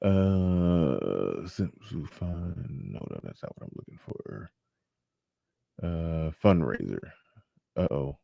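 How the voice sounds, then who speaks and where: A man with a low voice hosts a live show, talking casually and wryly to his listeners. The sound is dry and close, with no room around it. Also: lively intonation, takes it slowly, vocal fry, dry recording, muffled recording. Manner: chatty, wry, reads donation pages aloud. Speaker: podcast host.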